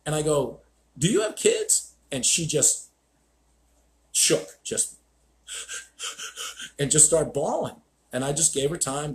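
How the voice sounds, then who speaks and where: A man's voice: on the high side, slight background noise. A man hosting a live stream as a dog trainer, telling stories in a blunt, profane, ranting way.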